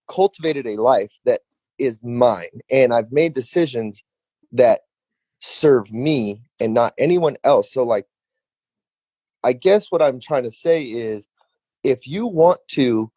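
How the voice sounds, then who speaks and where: A man's voice: medium pitch, lively intonation, slow, long pauses, dark tone, no echo. A man hosting a podcast in a casual, reflective way, filling his talk with "like" and "dude". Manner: laid-back, says "like" constantly, reflective. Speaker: podcast host.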